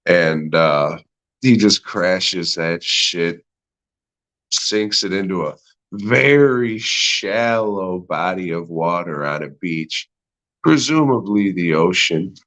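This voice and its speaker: Podcast guy, low voice, drawls slow, swears a ton, sarcastic rambling reviews. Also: expressive, fairly bright tone. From United States. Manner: profane, rambling, sarcastic, laughs at himself. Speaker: podcast host. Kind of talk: solo movie review rant.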